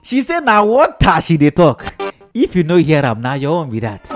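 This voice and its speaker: A man's voice: fairly high pitch, very animated, normal speed. A man with a Nigerian Pidgin accent hosting a chatty, mocking entertainment news segment on the radio. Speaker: radio show host. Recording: loud music bed behind voice.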